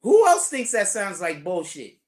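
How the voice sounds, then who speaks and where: A man hosts a livestream commentary show, reading out the chat and answering it. His voice swings widely up and down in pitch as he leans hard on his points. He sounds incredulous and emphatic, and laughs between remarks. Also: wildly swooping pitch, a little slow. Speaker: show host.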